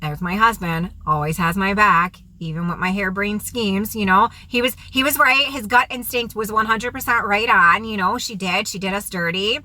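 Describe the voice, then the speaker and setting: A woman vlogger telling a story from her past in a fast, animated, slangy way. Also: mid-range voice. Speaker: vlogger, recovery coach. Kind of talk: storytelling vlog.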